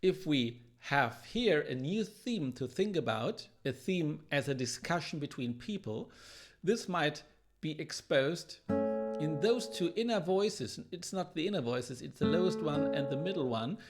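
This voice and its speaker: A man teaching classical guitar, analysing a piece in a thoughtful, explanatory way and pausing now and then to search for words. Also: on the high side, animated. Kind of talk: music analysis lesson. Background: guitar playing.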